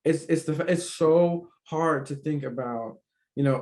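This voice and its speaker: Emphatic, fast-swearing host, fairly high voice. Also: male voice, darkish tone. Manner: emphatic, profane, filler-heavy. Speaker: podcast host. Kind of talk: casual conversation.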